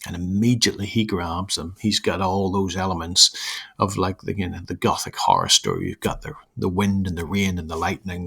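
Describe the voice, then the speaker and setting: A man with a croaky voice, teaching a recorded literature lesson and explaining with many fillers and restarts. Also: on the low side, fairly bright tone.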